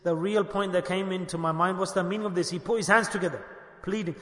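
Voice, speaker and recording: A man preaching a storytelling sermon, his voice high and bright. He is fervent and climbs to emphatic outbursts. An echoey hall gives every line a long reverb. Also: fairly even intonation, quick pace.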